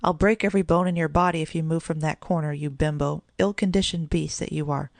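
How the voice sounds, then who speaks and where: Storyteller reading as a harsh old shopkeeper in a storybook, sharp and scolding, gravelly, dry and close. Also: mid-range voice, fairly even intonation, fast, no room sound, close to an everyday voice.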